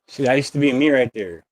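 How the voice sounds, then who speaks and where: A young man from talks loosely to his viewers, full of street slang and rambling asides. His voice sits at an ordinary middle pitch and is recorded close and dry, with no room sound. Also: dry recording. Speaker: channel host. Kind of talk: casual chat to camera.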